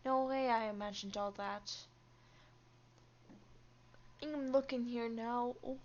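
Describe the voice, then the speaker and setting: A woman's voice: on the high side, takes it slowly, dull audio. Woman streamer reading a game aloud. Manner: expressive, reacting to the story.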